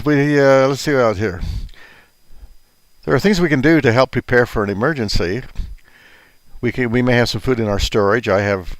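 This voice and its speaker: A man's voice: lowish voice, gravelly, no echo. An older man telling a story and giving casual advice in a rambling, folksy way, chuckling at his own asides.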